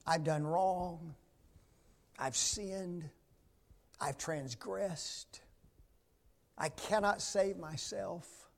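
A male preacher delivering a sermon in a fairly high voice, taking his time over each phrase. He climbs to loud, emphatic peaks, then drops to a hushed near-whisper. He keeps asking the congregation rhetorical tag questions. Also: extremely slow, gravelly, long pauses.

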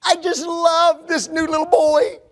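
A male preacher voicing a giddy young woman gushing about her boyfriend in a high, eager voice during a sermon. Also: little pitch movement, unhurried.

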